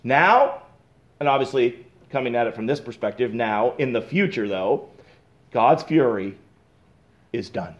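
A man preaching an expository sermon as pastor, reading scripture slowly and swinging between loud and soft. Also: medium pitch, animated.

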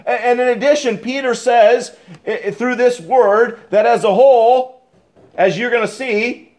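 A male pastor preaching a sermon, deliberate and emphatic, repeating key phrases. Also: extremely high pitch, darkish tone.

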